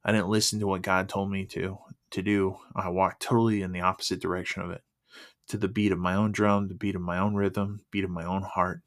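A man sharing his personal faith testimony in an earnest, emotional, halting way. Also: low-pitched, level tone.

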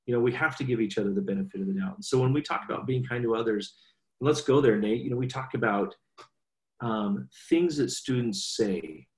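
A man in his forties telling stories earnestly in a conversational interview, animated as he quotes his children. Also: medium pitch, fairly quick. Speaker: guest speaker. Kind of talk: conversational storytelling. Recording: echoey room.

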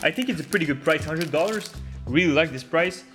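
A man opens hockey card packs with casual commentary, laughing often and erupting into loud gasps and swearing at good pulls. His slightly high voice is animated and brisk, with soft music in the background.

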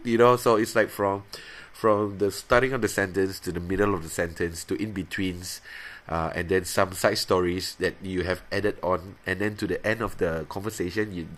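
Low-voiced man rambling through a confession. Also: steady tone, fairly bright tone. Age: 30s. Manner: rambling, halting, with many restarts; bursts into high-pitched playacting when imitating himself. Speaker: podcast host. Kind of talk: casual personal confession.

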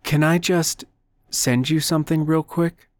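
A man's voice: fairly high pitch, steady tone, measured pace, dry recording, voice pushed up, close to an everyday voice. Urgent young woman scientist, read by a male narrator, breathless, audiobook, dry close sound. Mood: eager. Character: young woman physicist, excited and shaken.

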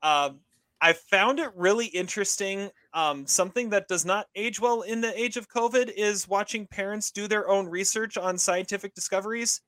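A man's voice: high voice, moderate pace, sharp tone, no room sound. A man co-hosting a casual film podcast, rambling with many fillers and restarts. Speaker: podcast co-host reviewing films. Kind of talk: casual chat.

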